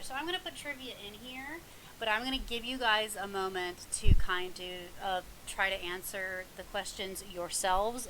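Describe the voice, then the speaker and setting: A woman's voice: medium pitch, bright, forceful tone, slight background noise, low-quality recording. A woman chatting casually at home in a mukbang vlog, rambling with lots of ums and little laughs. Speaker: vlogger. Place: home, alone in the house. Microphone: mic in front of her.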